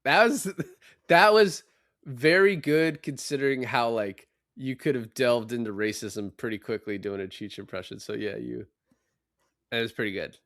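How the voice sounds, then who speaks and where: A man hosting a casual movie-review podcast, excitedly recounting scenes and swearing freely. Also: mid-range voice, moderate pace, no room sound, studio quality. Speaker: podcast host.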